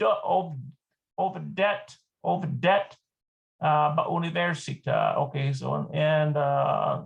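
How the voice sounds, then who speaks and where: A man with a fairly high voice and a gravelly edge of vocal fry walks through a language lesson in a relaxed, unscripted way. He thinks aloud and pauses to search for words. He repeats each word slowly as he teaches. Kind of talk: casual lesson walkthrough.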